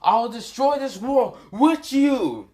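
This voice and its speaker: A man voicing an arrogant evil male alien overlord who sneers and shouts threats in a high, strained voice. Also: lively intonation, slow, exaggerated voice. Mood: furious.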